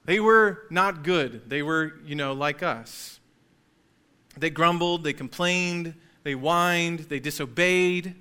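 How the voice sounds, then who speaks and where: A man preaches a sermon to a church congregation, talking to them conversationally and teasing them with light jokes. His voice sits a little high and sounds bright and forceful. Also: slow pace, smooth. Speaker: pastor.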